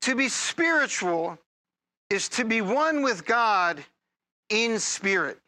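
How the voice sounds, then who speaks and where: A man preaching a sermon as a pastor, conversational and humorous, with energetic bursts of emphasis. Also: high voice, slow pace.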